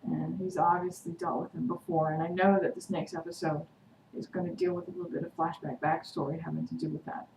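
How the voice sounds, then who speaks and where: A woman vlogger chatting through a TV episode recap, excitedly acting out the characters' quotes. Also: low voice, brisk, gravelly. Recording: echoey room, distant mic, noisy.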